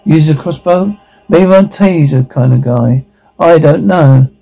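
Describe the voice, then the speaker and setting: A man in casual film dialogue, talking haltingly with restarts and self-corrections. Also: a little high, gravelly, dark tone, slightly rough, low-quality recording.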